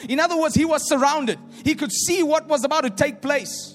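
A high-pitched male preacher, booming through a big reverberant hall with faint music underneath. He preaches with animated energy, acting out doubters' voices and swinging between loud declarations and hushed asides. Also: brisk. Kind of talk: sermon.

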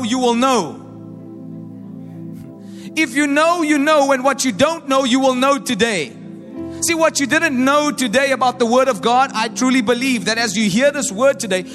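A male preacher delivering an energetic call-and-response sermon to a congregation at a live-streamed service. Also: extremely high pitch. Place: large church hall during a live-streamed service. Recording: long hall reverb with faint music behind.

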